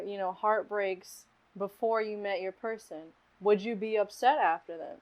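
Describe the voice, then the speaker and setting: A woman's voice: on the low side, unhurried. A woman, the host's cousin, chatting as a guest, supportive and finishing his sentences. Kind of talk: casual chat. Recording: dull lo-fi audio.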